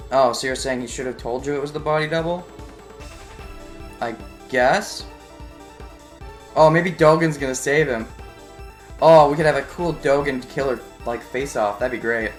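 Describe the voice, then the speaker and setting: A man's voice: medium pitch, fairly even intonation, normal speed, long pauses, faint music behind. A man giving casual, loose let's play commentary, musing aloud and swearing now and then. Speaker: gamer.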